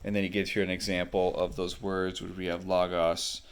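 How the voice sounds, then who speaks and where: A man's voice: low-pitched, level tone, moderate pace, clean tone. A man casually reviewing a book as he leafs through its pages, explaining unhurriedly with frequent fillers.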